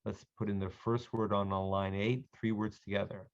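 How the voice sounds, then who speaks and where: In a muffled recording, a man with a fairly low voice and little pitch movement teaches adults to read Hebrew online. He sounds out each word slowly and patiently for them to echo back.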